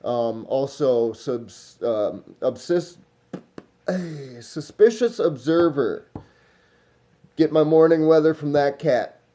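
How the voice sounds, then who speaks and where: Guy, loose rambling vlog monologue, warm low-key tone, drifts and trails off. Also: slow. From Minnesota. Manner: meandering, smoking while talking, trailing off. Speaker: vlogger.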